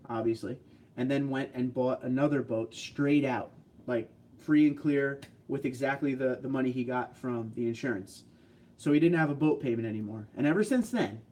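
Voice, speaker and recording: A tired man chats easily through a livestream, running on little sleep but staying upbeat. He reads viewer messages aloud, chuckles often and talks in an easygoing way. His pitch sits in the middle of the range. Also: dark tone. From New Jersey, US. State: short on sleep. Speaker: livestream host reading chat. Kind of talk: casual livestream chat.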